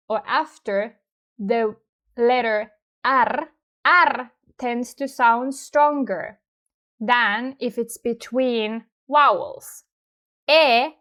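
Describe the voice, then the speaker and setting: A Finnish-accented woman teaches pronunciation at an unhurried, deliberate pace. Her voice sits fairly high, and she repeats each word patiently so the learner can follow along. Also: fairly bright tone. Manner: careful, repeats words slowly for demonstration. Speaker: language teacher. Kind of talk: pronunciation lesson.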